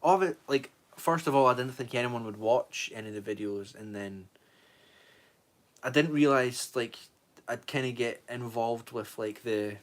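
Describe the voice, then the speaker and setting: A Scottish man in his twenties, chatting casually on a livestream and rambling as he answers viewer comments. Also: mid-range voice. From Scotland. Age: 20s. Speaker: streamer.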